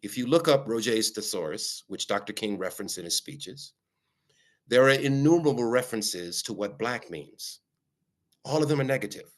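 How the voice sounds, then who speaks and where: A man speaking as a guest, talking reflectively and measuredly, often pausing on "um" and checking in with "right?". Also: lowish voice, animated. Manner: measured, with frequent ums and rhetorical "right?". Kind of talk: reflective conversational talk.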